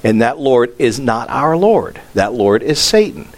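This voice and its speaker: A pastor with a medium-pitched, sing-song voice preaches at an unhurried pace. His sermon is conversational, and he raises his voice for emphasis on the lines he quotes.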